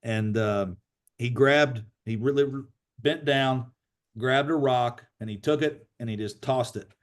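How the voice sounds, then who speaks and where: Male call host, mid pitch, casual motivational storyteller, repeats and restarts a lot. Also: a little slow.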